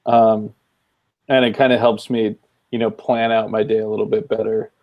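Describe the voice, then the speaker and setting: A man's voice: fairly low pitch, little pitch movement, moderate pace, highs cut off. Easygoing man co-host, thoughtful. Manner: easygoing, thoughtful, hesitant with ums. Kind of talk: casual chat. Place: home office, video call.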